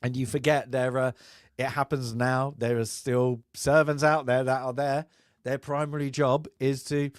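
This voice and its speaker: A man's voice: medium pitch, dry recording, studio quality. A man co-hosting a casual film chat, rambling and laughing often. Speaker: podcast co-host.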